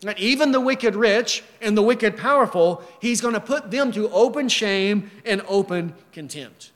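A man's voice: sits high, fairly bright tone. A man preaching a sermon, earnest and emphatic, reading scripture and asking the listeners rhetorical questions. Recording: long hall reverb.

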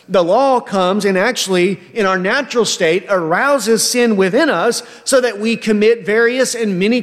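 High-pitched guy preaching in a big echoey hall, emphatic, keeps saying right. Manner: emphatic, frequent tag question "right?". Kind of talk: expository sermon.

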